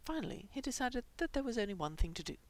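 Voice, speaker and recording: A woman reading fan fiction aloud, moving between plain narration and soft whispered asides. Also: on the high side, quick pace. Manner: reads dialogue with lively shifts, dropping to whispers.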